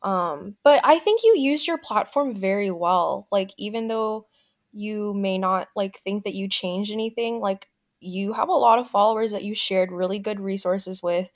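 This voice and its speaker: A woman's voice: mid-range voice, normal speed. A young woman co-hosting a podcast, chatting in an easygoing, supportive way. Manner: easygoing, supportive, says "like" often. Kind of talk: casual chat.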